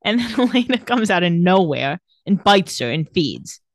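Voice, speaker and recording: A woman's voice: on the low side, sing-song, no room sound. Lady podcaster retelling an episode, dry close mic, chatty and offhand. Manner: recaps scenes in a quick, offhand voice with laughs. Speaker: podcast co-host recapping a TV episode. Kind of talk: casual chat.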